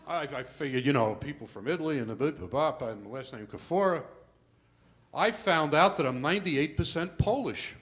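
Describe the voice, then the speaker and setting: A man's voice: a little high, animated, moderate pace. Older man doing stand-up, raised voice. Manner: storytelling with asides to the crowd, rising loud for punchlines. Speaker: stand-up comedian. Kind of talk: stand-up comedy set. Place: comedy club stage.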